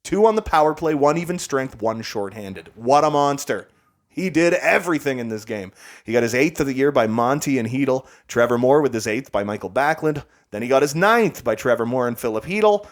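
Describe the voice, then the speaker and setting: A young man narrates his hockey video game like a play-by-play caller. His voice leaps around with lively, animated pitch, tossing in goofy made-up words. He swings between loud excited shouts and muttered self-mocking asides. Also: a little fast. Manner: goofy slang and play-by-play chatter. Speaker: gaming YouTuber.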